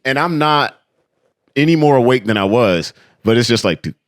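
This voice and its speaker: A man's voice: mid-range voice, moderate pace, no room sound, clean studio sound. A young man, a podcast guest, telling stories in a laid-back, slangy way and acting out quotes. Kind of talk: casual chat.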